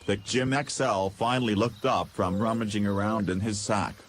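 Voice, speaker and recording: A man with a fairly low voice tells a ridiculous comic adventure in a deadpan, goofy way. Faint insect and cricket noise sits behind the voice. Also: moderate pace. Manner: goofy, deadpan, absurd humor with silly voices. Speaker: podcast storyteller. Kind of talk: comic first-person story narration.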